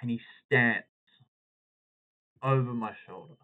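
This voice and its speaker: A man, hosting a podcast and telling a story in a casual, animated way, acting out what people said. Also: mid-range voice, slow pace. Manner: animated anecdote-telling, acting out quoted lines. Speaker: podcast host. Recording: tinny phone-like audio.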